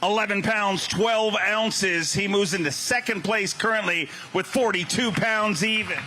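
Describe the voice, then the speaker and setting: A man emceeing a fishing tournament weigh-in on an outdoor stage, hyping anglers with loud booming calls. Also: a little slow, faint music behind. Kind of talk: weigh-in announcing.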